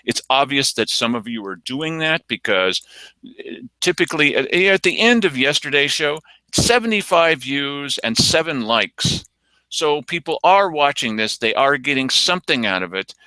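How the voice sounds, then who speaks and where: Animated, bright-voiced male show host. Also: fairly high pitch, moderate pace, clean tone, dry recording. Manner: animated, quotes people in mocking voices. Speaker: local news show host. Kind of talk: casual commentary on local politics.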